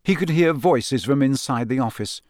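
A man narrating a novel as an audiobook, reading in an expressive way that acts out the characters. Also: mid-range voice, moderate pace, no room sound, clean studio sound.

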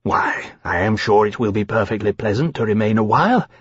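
A man voicing a large male dragon who speaks frankly and earnestly, quick to take offence. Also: fairly low pitch, expressive, breathy edge, dry recording. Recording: slightly dull, dry recording.

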